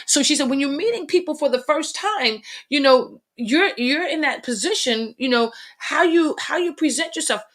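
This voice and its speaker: A middle-aged woman, a podcast guest, telling lively family stories in a casual chat and laughing through the funny parts. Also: high-pitched, moderate pace, few pauses.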